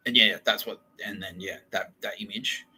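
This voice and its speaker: Rambling podcast host, lowish voice with a hard, tense edge, profane and laughing. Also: male voice, normal speed, pushed and bright, husky, low-quality recording. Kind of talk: rambling comedic monologue.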